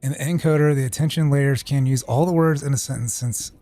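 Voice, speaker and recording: A man's voice: medium pitch, a little fast, warm tone, no echo, soft background music. A man streaming, reading a technical tutorial aloud and breaking off for casual, profane asides. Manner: reads text aloud with casual asides and swearing.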